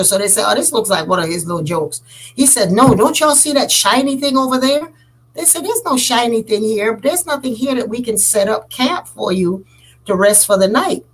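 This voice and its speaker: A woman telling a folk tale aloud, acting out the characters' lines with big jumps in pitch. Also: husky, rough recording. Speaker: storyteller. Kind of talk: oral storytelling.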